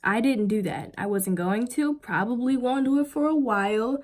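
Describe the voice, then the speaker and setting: A woman's voice: a little high, normal speed. Young woman rambling through a storytime. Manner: rambling, filler-heavy, animated retelling. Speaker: vlogger. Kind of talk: casual storytime.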